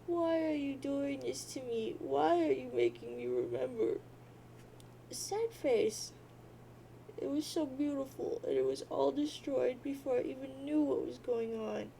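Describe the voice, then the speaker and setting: A woman's voice: high-pitched, expressive, gravelly, warm tone, slight background noise, full character voice, poor audio. A woman voicing a grieving, lost teenage girl who sobs and wails. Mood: mournful. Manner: sobbing, wailing drawn-out boo-hoos.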